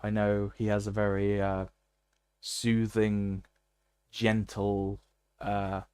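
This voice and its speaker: A man chatting over a game stream in a low voice, joking with his audience and laughing often. The sound is dry and close to the mic. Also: completely flat delivery, slow pace, a little mellow, smooth, no room sound. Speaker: gaming streamer. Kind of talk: live gameplay commentary.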